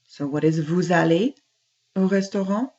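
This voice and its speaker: In a dull, lo-fi recording of a classroom language lesson, a woman patiently teaches French, voicing phrases and then giving their translations. She speaks at a moderate pace in a fairly low, slightly mellow voice.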